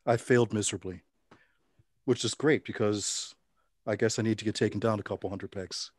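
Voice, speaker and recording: Brief: middle-aged man, lowish voice, dry close sound, wry relaxed anecdotes. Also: fairly quick, no room sound. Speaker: interview guest. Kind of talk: casual storytelling interview.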